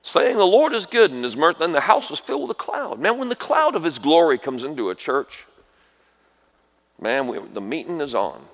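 A man preaching a sermon as a guest preacher, animated and folksy, trading call-and-response with the congregation and swinging between quiet asides and shouted exhortations. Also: on the high side, moderate pace. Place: large church hall. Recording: reverberant church hall.

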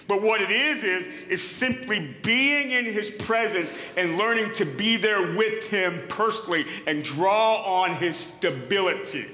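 A man's voice: high voice, bright, forceful tone. A middle-aged male pastor preaching a sermon in an earnest, emphatic way, often repeating words as he builds a point. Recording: echoey hall with long reverb.

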